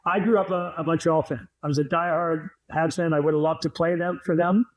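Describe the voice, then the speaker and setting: A man's voice: a little high, steady tone, fairly quick, low-quality recording. A man in his fifties, a podcast guest and former hockey player, telling long rambling stories in casual chat and laughing as he goes.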